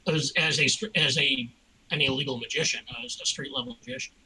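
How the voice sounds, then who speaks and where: A man playing a tabletop game, speaking in a relaxed, wry, low-key way. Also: fast, creaky, husky, rough recording. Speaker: player. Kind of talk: casual tabletop play.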